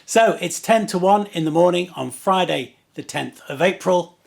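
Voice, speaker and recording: A man's voice: high voice, moderate pace, creaky, reverberant. A man hosting a table football show from home, chatty, enthusiastic and self-deprecating as he talks to the camera. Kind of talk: casual presenting to camera. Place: room at home. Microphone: camera on a tripod.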